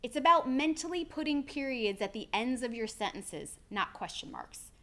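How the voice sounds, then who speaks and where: A woman, an executive speaker coach, giving a clear, deliberate lesson on how to speak with confidence. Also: fairly high pitch, big pitch swings, pushed and bright. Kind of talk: instructional video presentation.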